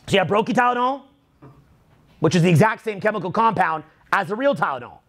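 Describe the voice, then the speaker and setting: A middle-aged man, a social skills coach, ranting with heavy swearing and bursts of shouted quotes. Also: high-pitched, expressive, fast talker. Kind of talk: profane motivational rant.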